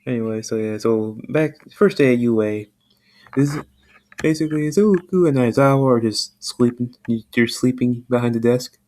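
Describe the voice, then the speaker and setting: Just a guy rambling thru a fan story, tons of "like", cussing casually, medium pitch. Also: normal speed, dark tone. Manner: rambling, heavy use of "like", swears freely.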